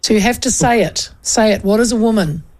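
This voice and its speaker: A woman's voice: a little high, fairly quick, a little mellow. A woman hosting a radio talk show, chatting casually and laughing often.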